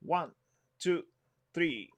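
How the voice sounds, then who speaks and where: A man's voice: on the high side, expressive, very slow, loud music behind the voice. A man giving an instrument lesson, explaining phrasing patiently, humming example phrases and counting the group in. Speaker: music teacher.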